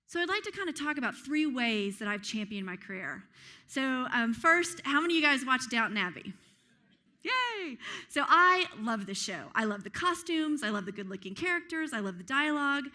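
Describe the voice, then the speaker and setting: A woman's voice: fairly high pitch, fairly bright tone. A woman from the United States giving an upbeat, enthusiastic TED-style talk on a conference stage, with self-deprecating humor. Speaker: keynote speaker. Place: conference stage before an audience.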